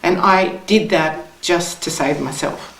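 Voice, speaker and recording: A woman in her fifties telling a personal story, hesitant and halting. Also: on the low side, gravelly, slight background noise. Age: 50s. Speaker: acting student. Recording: echoey room, somewhat distant.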